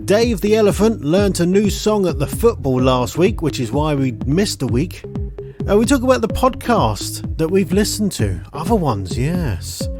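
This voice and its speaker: Bouncy high-voiced guy reading the podcast intro, swoops up and down a lot, music behind. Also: big pitch swings, normal speed. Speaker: podcast producer and host.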